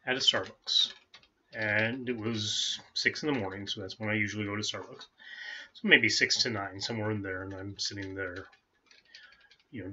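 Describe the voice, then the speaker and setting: A man's voice: lowish voice, sharp tone, a little hiss or hum. A man hosting a daily game playthrough, chatting casually and rambling with self-amusement as he tries out a soothing voice, on a dull lo-fi recording. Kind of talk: casual chat over gameplay.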